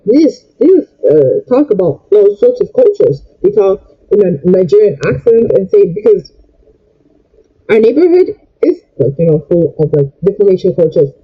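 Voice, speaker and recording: A woman's voice: medium pitch, big pitch swings, moderate pace, husky, lo-fi sound, faint music behind. A young woman venting in an upset, rambling way while she does her makeup for a vlog. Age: young adult. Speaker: vlogger. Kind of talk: get-ready-with-me rant while doing makeup.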